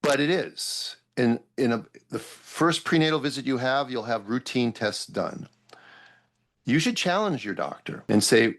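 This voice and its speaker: A man's voice: medium pitch, expressive, a little slow, a bit bright. A middle-aged male doctor, a guest on a podcast, explaining his views in an opinionated way and listing questions a patient should ask. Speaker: obstetrician guest. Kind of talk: podcast interview.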